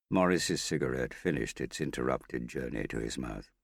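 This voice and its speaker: A man reading a novel aloud as narrator, in a measured, even storytelling manner. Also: extremely low pitch, no room sound, clean studio sound. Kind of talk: audiobook narration.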